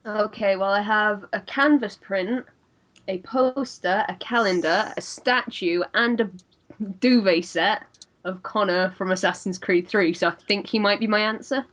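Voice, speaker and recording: A woman's voice: mid-range voice, a bit bright. Chatty woman co-hosting a podcast. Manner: chatty, quick to laugh, self-mocking. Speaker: podcast co-host. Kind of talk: casual chat.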